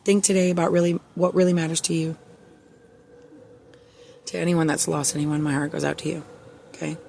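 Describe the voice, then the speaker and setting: A woman giving a casual spiritual tarot reading, soft-spoken and reassuring, with many fillers, sometimes reading passages aloud. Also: low voice, creaky, slight background noise. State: emotional, near tears. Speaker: tarot reader.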